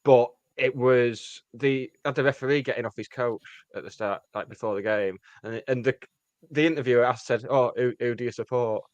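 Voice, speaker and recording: A man's voice: medium pitch, no room sound, dull audio. Brief: man on a fan podcast, jokey and rambling, dry studio-close voice. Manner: jokey, rambling, quick asides. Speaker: podcast co-host. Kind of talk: casual chat. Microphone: podcast mic.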